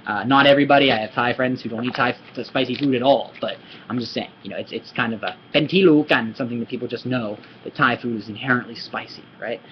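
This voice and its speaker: A man speaks English natively and teaches Thai at a rapid clip in a casual home video lesson. He talks in a chatty way, explains with examples and keeps checking in with the listener. The recording sounds slightly dull, with faint noise behind him. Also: medium pitch, steady tone. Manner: chatty, often asks "right?" and explains with examples.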